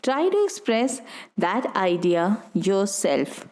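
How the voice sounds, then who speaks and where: A woman with an Indian English accent teaching English, slowly demonstrating stress and intonation in example sentences. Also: mid-range voice, very animated, darkish tone. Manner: slow, careful, demonstrates sentences with exaggerated stress. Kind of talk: instructional explanation.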